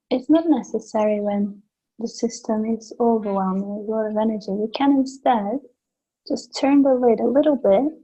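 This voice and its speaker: A woman facilitating a gentle guided session, speaking softly and soothingly with simple images. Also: on the high side, breathy edge, muffled recording. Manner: soft, slow and soothing, with imagery. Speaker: energy work facilitator.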